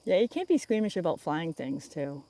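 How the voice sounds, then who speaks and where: A woman's voice: low-pitched, very animated, normal speed, warm tone. A woman chatting casually to her viewers on a phone livestream while walking through the woods, rambling and laughing often. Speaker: vlogger. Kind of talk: casual livestream walk-and-talk. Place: woods outdoors. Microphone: phone camera held out in front.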